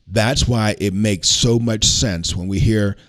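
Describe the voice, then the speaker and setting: A man's voice: fairly low pitch, fairly even intonation, slow, a bit bright. A man, hosting a podcast and telling a personal story in an earnest, preacherly way. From Alabama, USA. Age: 60s. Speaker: podcast host. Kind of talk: casual storytelling chat.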